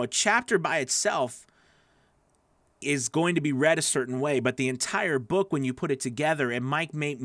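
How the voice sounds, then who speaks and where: Man, voice-over coach, chatty, encouraging, fairly high voice, dry close studio mic. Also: a bit bright, no echo. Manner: chatty and encouraging, answers viewer questions. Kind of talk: live-stream Q&A teaching. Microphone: studio microphone.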